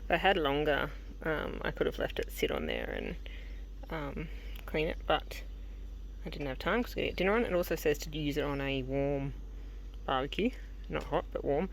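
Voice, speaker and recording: A woman's voice: low voice, sing-song, moderate pace, gravelly, pauses often. A woman chatting casually on a travel vlog, rambling with fillers as she films outdoors. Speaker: travel vlogger. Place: outdoors at a caravan park and tavern. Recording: noisy outdoor camera audio.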